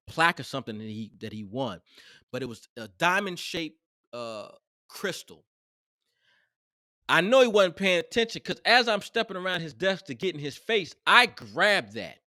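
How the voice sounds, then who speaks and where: Animated, high-voiced man telling a story. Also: no echo, clean studio sound. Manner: animated, profane, emphatic. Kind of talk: casual storytelling.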